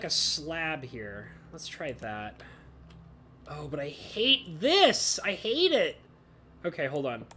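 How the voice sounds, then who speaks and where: Female streamer, lower register, swooping expressive delivery, chatty and quick to groan in frustration. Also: slight background noise. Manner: chatty, talks to herself, exasperated exclamations. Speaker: streamer playing a building game. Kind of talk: casual live-stream commentary.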